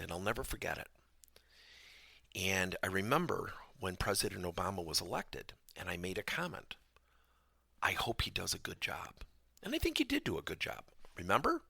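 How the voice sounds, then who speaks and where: Gravelly, animated man teaching a podcast lesson. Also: on the low side, no echo, studio quality. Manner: animated storytelling, acts out dialogue in raised voice. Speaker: podcast host and trainer.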